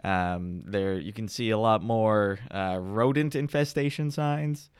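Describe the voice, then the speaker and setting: A man running a tabletop game, describing scenes with wry, deliberate narration. His voice sits low and sounds smooth and clear. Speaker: game master.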